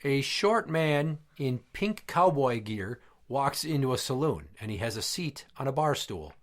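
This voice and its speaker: A man's voice: mid-range voice, big pitch swings, unhurried. A man hosting a comedy podcast, telling crude old jokes in character as an exasperated, foul-mouthed dad. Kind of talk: comedic joke-telling skit.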